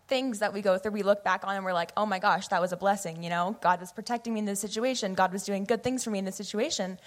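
A young woman in her late teens from the US Pacific Northwest, a youth member, gives a personal testimony at a pulpit or stage microphone in a church sanctuary. In her mid-range voice she is earnest and animated, acting out her past self in quotes.

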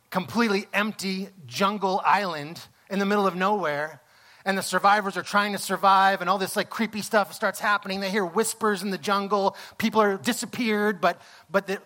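Middle-aged male pastor, storytelling sermon, high and bright, acts out the lines. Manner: storytelling, animated, acts out exclamations.

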